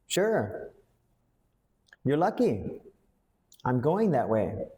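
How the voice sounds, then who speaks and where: A man's voice: mid-range voice, sing-song, very slow, warm tone, reverberant, voice pushed up. A man playing a startled adult male driver in a school ghost play, reading the script lines aloud with a raised, wide-eyed rehearsal delivery. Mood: amazed.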